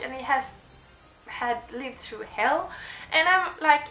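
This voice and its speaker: A woman's voice: sits high, slow pace. Gushing young woman in a roomy echo. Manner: gushing, excitable, rambling with restarts. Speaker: book vlogger. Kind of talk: casual monologue to camera.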